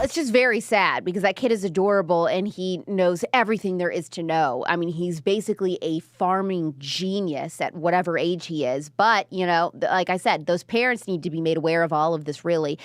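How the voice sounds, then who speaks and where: A woman's voice: on the low side, dry recording, clean studio sound. A woman in her twenties hosting a political commentary show, talking casually and rambling with lots of "like" and "um". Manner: chatty, rambling, heavy use of "like" and "um".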